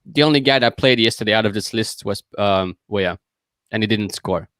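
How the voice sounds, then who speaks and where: A man on a casual podcast, his voice sitting a bit low and recorded dry and close. He rambles through examples and keeps telling people to calm down in an exasperated way. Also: moderate pace, clean tone, no echo. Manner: rambling, exasperated, lists names. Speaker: podcast co-host.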